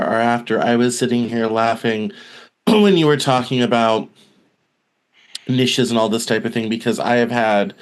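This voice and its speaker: A man hosts a podcast in a casual, easygoing manner. His replies ramble and restart as he works his way toward a point. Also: medium pitch. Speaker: podcast host.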